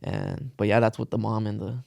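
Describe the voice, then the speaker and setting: A man's voice: fairly low pitch, little pitch movement, brisk, gravelly, a little mellow, no room sound, clean studio sound. A young man casually telling a long story on a podcast, rambling with lots of "like" and cursing slang. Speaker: podcast co-host.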